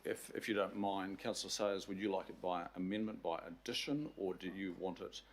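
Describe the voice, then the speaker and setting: A man's voice: low-pitched, brisk, a little hiss or hum. A man with a New Zealand accent speaking as a councillor in a council meeting, earnest and clarifying.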